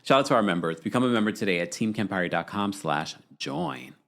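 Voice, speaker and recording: A man's voice: lowish voice, a little fast, gravelly. A man hosting a live-stream reality TV recap, chatting casually and reading out viewer comments. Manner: chatty, animated, reads viewer super chats. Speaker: podcast host.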